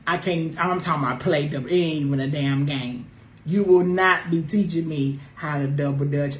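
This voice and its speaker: A woman with a lowish voice chats casually on a talk panel, teasing her friends and swinging from loud outbursts to quiet mutters. The room echoes noticeably, with a faint hiss underneath. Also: moderate pace. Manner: animated, teasing, swings between loud exclamations and low asides. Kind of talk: casual group chat. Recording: roomy echo with faint noise.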